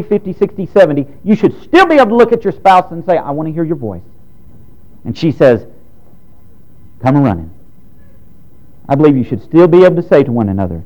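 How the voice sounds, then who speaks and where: A pastor in his thirties delivers a sermon in a frank, direct way. His pitch swings widely between high emphatic lines and low quiet ones. The voice itself is mellow and dark. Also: highs cut off. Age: 30s. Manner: preaching with rising and falling emphasis, direct and frank.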